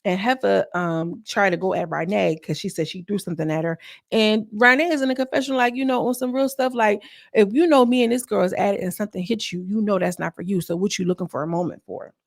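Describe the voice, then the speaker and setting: Chatty woman with a gravelly voice. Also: medium pitch, fast talker, dry recording, studio quality. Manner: chatty and animated, acts out cast members' lines. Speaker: reality TV recap vlogger. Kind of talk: casual episode recap.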